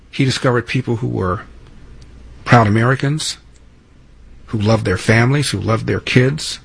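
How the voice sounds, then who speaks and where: A man's voice: on the low side, husky, low-quality recording. A man in his seventies hosting a radio call-in show, telling stories and arguing his points with emphasis. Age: 70s. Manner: storytelling, emphatic, argumentative. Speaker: radio talk show host. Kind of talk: talk radio monologue and call-in.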